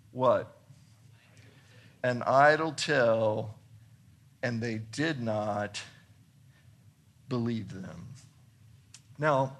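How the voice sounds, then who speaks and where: A man preaching a sermon, reading scripture and explaining it earnestly, building to excited emphasis and then dropping soft for points. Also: mid-range voice. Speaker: pastor.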